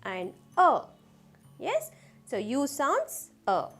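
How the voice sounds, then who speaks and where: A woman's voice: high-pitched, huge pitch swings, very slow, faint music behind. A woman teaching a phonics lesson to young children. She sounds out letters one at a time and keeps asking the children questions. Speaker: kindergarten teacher.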